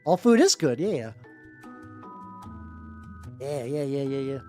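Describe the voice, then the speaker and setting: A middle-pitched American streamer chatting loosely while painting, rambling and cursing, tripping over restarts. Quiet background music plays under the voice. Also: sing-song, takes it slowly. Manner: rambling, frequent restarts and swearing. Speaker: VTuber streamer painting miniature terrain. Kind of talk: casual livestream chat while painting. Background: faint background music.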